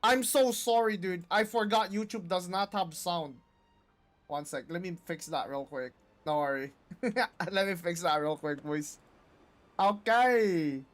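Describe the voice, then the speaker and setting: A streamer reacting loosely and excitably during a live card game stream, swearing freely. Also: mid-range voice, measured pace, faint music behind. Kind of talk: casual live-stream commentary.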